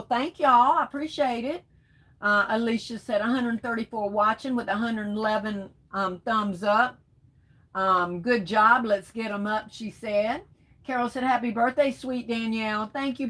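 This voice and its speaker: A woman's voice: on the high side, a bit bright, poor audio. This is a woman hosting a laid-back live stream, working her way through viewer comments one by one. She reads each one aloud and answers with easy pet names like sweetheart. Her talk is loose and chatty, with plenty of casual fillers. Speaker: livestream host reading viewer comments.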